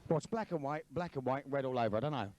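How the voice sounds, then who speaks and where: A man co-hosting a street joke hunt, teasing and lively. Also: mid-range voice, fast talker, lo-fi sound, slight background noise. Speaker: co-host interviewer. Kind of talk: casual street vox pop.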